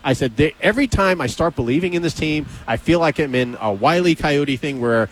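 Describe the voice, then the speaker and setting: A man hosting a sports radio show, chatting casually and excitably about his team and laughing easily. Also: on the high side, fairly quick, a little hiss or hum.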